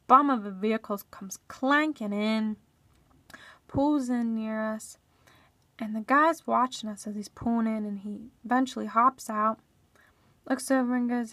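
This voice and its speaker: A woman interprets a storyteller's account aloud in the first person, pausing and restarting as she goes. Her voice sits a little high and often sinks to a soft whisper. The recording is dry and close, with no room sound. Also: steady tone, no room sound.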